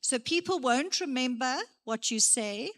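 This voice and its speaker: Slow-spoken woman giving a career talk. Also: high-pitched. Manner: lively, acts out examples, moves around while speaking. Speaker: career day speaker. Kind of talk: motivational talk to young people. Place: church hall.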